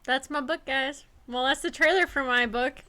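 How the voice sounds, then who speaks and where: A woman's voice: high voice, normal speed, sharp tone. A young woman, a self-published author, talking on her livestream, gushing, nervous and close to tears, often restarting her sentences. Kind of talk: emotional casual livestream talk.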